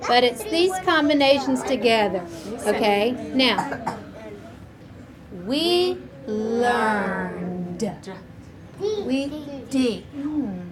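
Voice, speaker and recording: A woman teaching a first grade class, slowly sounding out words and encouraging the children. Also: high voice. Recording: noisy classroom recording.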